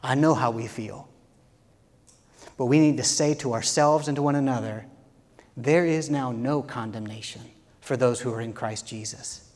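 A man preaching a sermon as a pastor, earnest, moving from quiet reflection to loud, impassioned appeals. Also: medium pitch, big-room sound.

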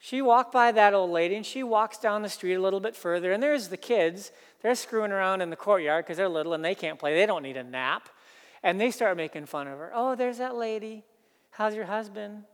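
A pastor preaching a sermon, earnest, building emphasis through repeated phrases. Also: male voice, high-pitched, fairly quick, clean tone, in a large hall.

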